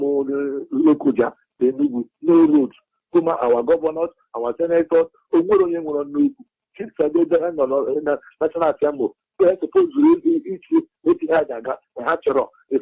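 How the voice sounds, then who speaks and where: A man with a Nigerian Igbo accent calling into a radio show, agitated and halting, switching between languages. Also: medium pitch, husky. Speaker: caller. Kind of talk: impassioned call-in. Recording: tinny phone line.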